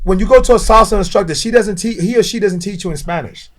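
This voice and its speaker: Animated high-voiced man telling stories. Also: fast talker. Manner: animated, profane storytelling with stammered restarts. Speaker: martial arts school owner. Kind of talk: casual podcast discussion.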